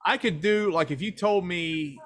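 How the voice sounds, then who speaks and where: A man's voice: high voice, moderate pace, fairly bright tone. A man with an East Tennessee accent, a filmmaker and wrestler guest, chatting casually and telling loose, folksy stories. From United States. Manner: folksy storyteller, slips into a hyped funky DJ persona. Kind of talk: casual podcast interview.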